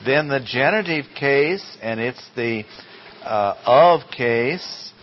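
A man teaching Greek grammar from the Bible in a classroom lecture, deliberate and full of rhetorical questions. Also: mid-range voice, lively intonation, a little hiss or hum. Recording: dull lo-fi classroom recording.

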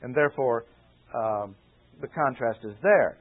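Man, preacher, expository sermon, deliberate, repeats phrases, tinny phone-like radio sound. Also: mid-range voice. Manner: measured, deliberate, repeats key phrases for emphasis. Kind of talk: expository Bible teaching.

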